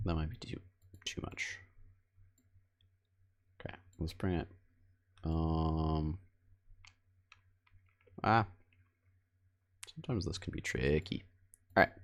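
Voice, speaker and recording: A man with a low, expressive voice rambles to his chat while he edits a video live. He is casual and pokes fun at himself, with faint music and clicking behind him. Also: takes it slowly, pauses often. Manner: rambling and self-deprecating, talks straight to chat. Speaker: streamer.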